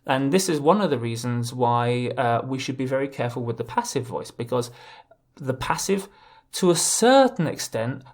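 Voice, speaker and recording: A man's voice: mid-range voice, darkish tone. Man teaching a video lesson. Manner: explanatory, with restarts. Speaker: legal English teacher.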